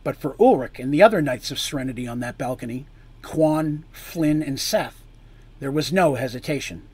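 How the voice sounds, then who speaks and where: A man reading a fantasy story aloud with drama, his voice sinking low and quiet on grim lines and lifting louder on tense ones. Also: lively intonation, moderate pace, slightly rough.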